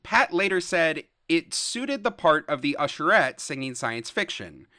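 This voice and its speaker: Lively bright-voiced male podcast narrator. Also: a little high, measured pace, dry recording, clean studio sound. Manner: lively storytelling, reads quotes. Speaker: podcast host. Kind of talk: scripted narration with banter.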